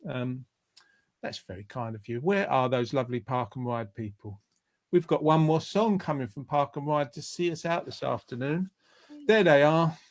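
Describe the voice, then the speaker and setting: A man's voice: mid-range voice, normal speed. A man hosting an online show over a video call, reading out viewer comments in a chatty, rambling way, often restarting his sentences. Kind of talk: casual live-stream chat, reading out viewer comments.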